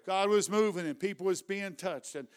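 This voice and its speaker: High-voiced, smooth preacher. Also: male voice, moderate pace. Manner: swells from quiet storytelling to loud exhortation. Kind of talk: revival sermon with storytelling.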